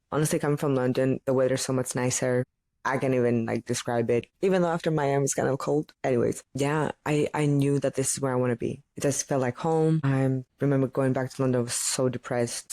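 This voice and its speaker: Woman podcast host from Greece, thirties, native Greek speaker; animated and opinionated; dry recording. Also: very deep voice, dry recording. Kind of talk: solo podcast monologue.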